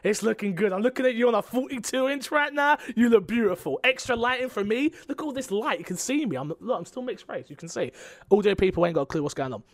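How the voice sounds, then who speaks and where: Animated British man, high-pitched and dry. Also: quick pace, dry recording. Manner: animated, ranting storyteller. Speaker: podcast co-host. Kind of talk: casual chat.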